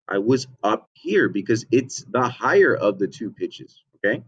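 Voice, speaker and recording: A man leads a children's music lesson over a computer mic, his speaking voice low and patient. He keeps checking in with his young students after every step. The audio is dull and lo-fi. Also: sing-song, a little slow, fairly bright tone, breathy edge. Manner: patient, repeats "okay?" often, checks in with the children. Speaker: music teacher.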